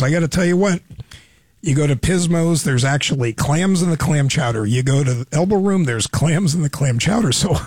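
Radio host, man, husky and slightly high, animated storyteller, dry studio sound. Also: no echo. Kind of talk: casual radio chat.

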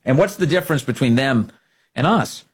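A man's voice: mid-range voice, expressive, moderate pace, husky. A man hosting a political commentary show, speaking emphatically and indignantly and repeating key phrases.

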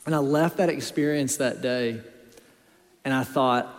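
A man in his thirties preaching a sermon as pastor, moving between quiet storytelling and loud, emphatic exhortation. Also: mid-range voice, unhurried, long reverb tail.

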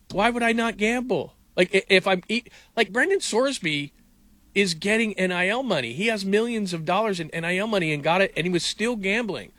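Middle-aged male sports host, incredulous and rambling, bright tone, close dry mic. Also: sits high, dry recording. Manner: animated, incredulous, rambling with restarts. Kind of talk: casual sports talk.

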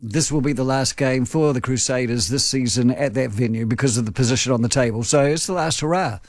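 A New Zealand man hosting a radio show, steering the sports chat with brisk questions. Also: medium pitch, no echo. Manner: brisk, leading questions, easy laughter. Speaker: radio host. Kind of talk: casual radio banter. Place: radio studio. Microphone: studio microphone. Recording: dry close studio sound.

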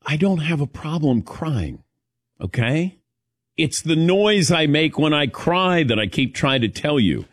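A man's voice: a little high, a little slow, no echo. Guy hosting a studio radio chat, voice jumps all over, dry close mic. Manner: animated, acts out quoted voices. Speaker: radio show host.

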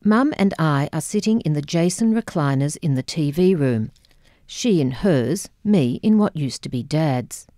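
A woman reads a memoir in a calm, measured voice, low and slow. Her tone is warm and mellow, and the studio sound is dry and close. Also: no room sound. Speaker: audiobook reader. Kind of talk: audiobook memoir reading. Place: radio studio. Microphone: studio mic.

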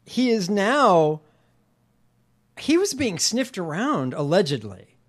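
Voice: medium pitch, very animated, slow. A co-host reading news stories and quotes aloud on a political talk show, now and then mixing up names and correcting themselves. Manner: reads quotes aloud, stumbles over names.

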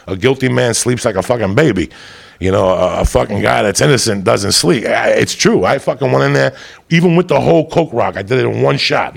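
A man doing stand-up, telling a loud, profane, rambunctious story to a live audience. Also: mid-range voice, gravelly. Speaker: stand-up comedian. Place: stage before a live audience.

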